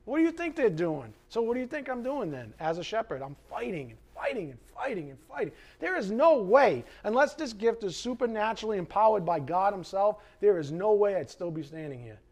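A man's voice: high voice, sing-song, a little fast, few pauses. A man preaching a sermon as pastor, impassioned, with sarcastic asides to the congregation. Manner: impassioned, swings from quiet to loud.

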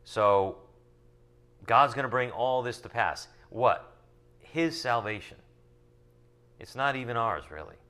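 A man teaching from the Bible, reading verses slowly and then explaining them in casual asides full of rhetorical questions. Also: mid-range voice, expressive, pushed and bright. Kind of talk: sermon teaching from scripture.

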